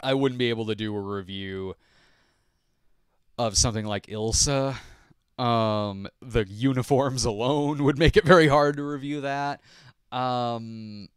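A man's voice: mid-range voice, a little slow, smooth, no room sound, studio quality. A man in his fifties hosting a podcast, chatting casually and answering viewer questions in a rambling, self-deprecating way with frequent chuckles. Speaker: podcast host and movie reviewer.

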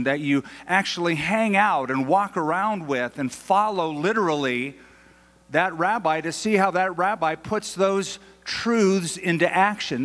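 An older American pastor preaching a sermon in a conversational, emphatic way, slowing down to stress key phrases. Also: male voice, fairly high pitch, a bit bright. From United States. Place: large church hall. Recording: long hall reverb.

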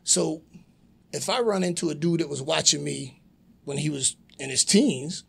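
Brief: forties man, gravelly husky voice, lively storyteller, podcast guest. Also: a little high, normal speed. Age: 40s. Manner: animated storyteller acting out quoted voices. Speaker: podcast guest, pro wrestler. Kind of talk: casual chat, storytelling.

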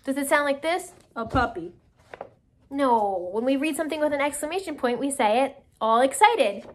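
A woman's voice: high voice, lively intonation, normal speed. A woman teacher reading a picture book aloud to children, asking them questions and encouraging answers.

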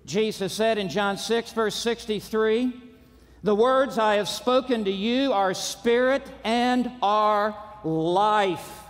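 A man with a very high voice preaches from a pulpit, hammering short repeated phrases and rising to shouts. His words ring out with the long reverb of a large auditorium. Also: takes it slowly. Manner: emphatic, punchy repetition with rising shouts. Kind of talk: conference sermon.

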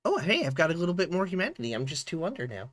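A man races through casual chat in a slightly high voice while streaming a game live. He's chatty, with lively ups and downs, and keeps fumbling with his audio settings.

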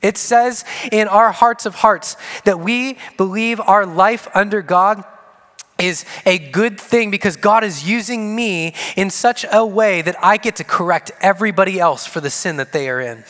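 A man's voice: high-pitched, unhurried, a bit bright. A man preaching a sermon to his congregation, earnest, repeating key phrases for emphasis. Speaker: pastor. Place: church sanctuary. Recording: long church hall reverb.

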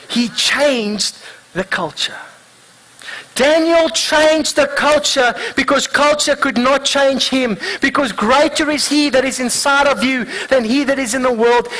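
A pastor with a notably high voice preaches to his congregation in church. He presses them with earnest rhetorical questions. He slows down and lays weight on each word when reading scripture. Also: a bit bright, rough recording. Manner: reads scripture slowly and deliberately. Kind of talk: sermon.

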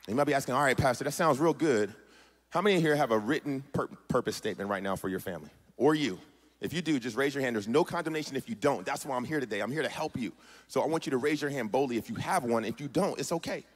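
A man preaching a sermon as pastor, reading scripture aloud and drawing the congregation into energetic call-and-response. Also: medium pitch, quick pace. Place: church sanctuary. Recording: long church reverb.

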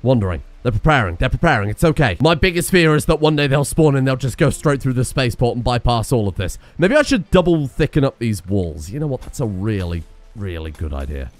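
A man's voice: medium pitch, brisk, dry recording. A man casually commentating his own gameplay, breaking into exclaims and laughter. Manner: excitable, laughs and exclaims in bursts. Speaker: gaming video host.

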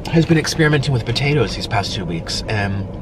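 Male creator, emotional, rambling, mid-pitched voice, steady noise behind him. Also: brisk. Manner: rambling and emotional, heavy use of "like". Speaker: mukbang video creator. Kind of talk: emotional personal talk while eating on camera.

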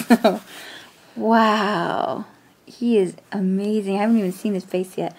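A woman's voice: mid-range voice, normal speed, creaky, darkish tone, husky. Awestruck woman gushing in whispers. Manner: gushing, breathless exclamations, whispers in awe. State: shaking with excitement. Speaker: vlogger. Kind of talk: excited unboxing vlog, often whispering.

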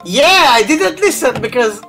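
A woman's voice: high-pitched, animated, measured pace, over music. A woman teasing a teammate in game voice chat. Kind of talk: voice chat banter in an online shooter game.

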